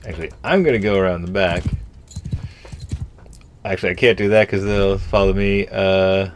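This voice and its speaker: A man's voice: low-pitched, moderate pace, a little hiss or hum. A young man from Canada giving casual let's-play commentary, thinking aloud and muttering half to himself as he plays. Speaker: gameplay streamer.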